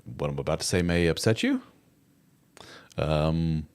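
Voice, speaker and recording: A man's voice: very deep voice, expressive, a little slow, a little mellow, smooth. A middle-aged man hosting a casual live-stream chat, jokey and chatty as he greets viewers and reads their comments aloud. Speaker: host of a live chat show.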